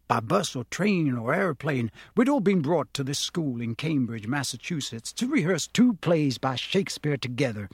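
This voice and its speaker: A man's voice: breathy edge, no room sound. Man reading a story, dry studio sound. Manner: shifts pitch up for quoted characters. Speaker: audiobook narrator. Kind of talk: scripted narration with character voices.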